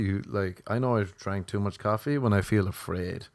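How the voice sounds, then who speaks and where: A man's voice: mid-range voice, a little fast, no echo. A man in a casual monologue, ranting sardonically and swearing often.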